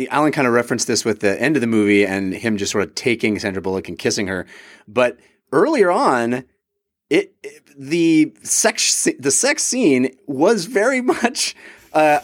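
A man of medium pitch co-hosts a casual film podcast. He retells scenes with an amused, chatty manner. The recording is dry and close. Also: sing-song, moderate pace, no echo. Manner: amused storyteller, quotes scenes. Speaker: podcast co-host. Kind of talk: casual movie review chat.

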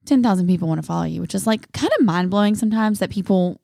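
A woman's voice: mid-range voice, quick pace, creaky, dark tone, no echo. A woman, co-hosting a podcast in bubbly, dramatic casual chat and laughing often. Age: 30s. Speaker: podcast co-host.

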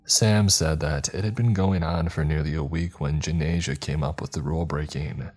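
A man narrating a first-person horror story in a calm storytelling voice with dry asides. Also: extremely low pitch, moderate pace, husky, faint music behind. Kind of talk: scripted narration.

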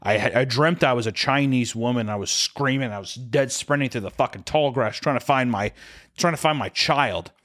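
A man in casual conversation, spinning a long, swearing-heavy story with lots of energy. He keeps slipping into other people's voices as he tells it. His everyday voice sits at a middle pitch. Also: normal speed. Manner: profane, animated, acts out voices in quotes.

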